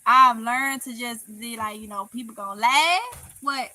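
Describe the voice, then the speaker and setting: A woman's voice: a little high, measured pace, pushed and bright, low-quality recording. A middle-aged woman with a Mississippi accent hosting a casual livestream, reading chat comments in a chatty, playful way with heavy Southern dialect and frequent laughs.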